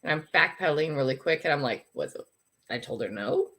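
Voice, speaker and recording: A woman's voice: low-pitched, big pitch swings, moderate pace. An older woman hosting a casual livestream, telling stories in a chatty, bossy grandmotherly way and laughing often. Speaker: livestream host.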